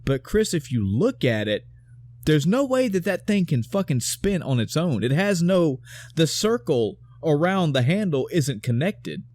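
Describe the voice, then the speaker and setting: A man's voice: fairly high pitch, sing-song, unhurried, darkish tone, no echo. A man co-hosting a podcast, recapping a film in a rambling, profane, casual way and often mixing up names. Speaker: podcast co-host.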